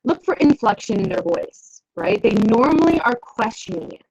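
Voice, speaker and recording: A woman's voice: fairly high pitch, animated, normal speed, darkish tone, slightly rough. A woman business coach giving an instructional talk to camera, conversational and keeps checking in with the listener. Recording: dull lo-fi recording.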